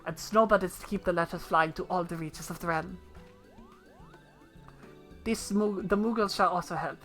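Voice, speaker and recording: A woman voicing a calm, regal leader of a forest realm, reading game dialogue in a soft, measured, formal way. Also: fairly low pitch, faint music behind, lightly acted. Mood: gentle.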